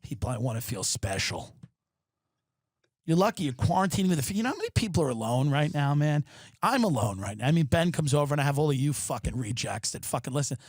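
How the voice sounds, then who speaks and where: A man's voice: fairly high pitch, fast, dry recording, clean studio sound. Profane ranting male comedian. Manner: profane, exasperated, animated. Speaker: podcast host. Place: his apartment.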